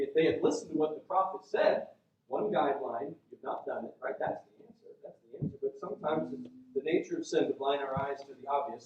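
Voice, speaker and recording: A male pastor preaching in a casual, conversational way with lots of asides. His voice sits high. He is heard from a distance in a very echoey church, and the sound is dull. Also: warm tone. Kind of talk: sermon. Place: church sanctuary.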